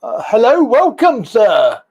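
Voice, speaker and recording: A man's voice: very high voice, wildly swooping pitch, takes it slowly, vocal fry, noisy background. A man hosting a casual live-stream talk show, chatting loosely and greeting viewers from the chat as he reads their comments.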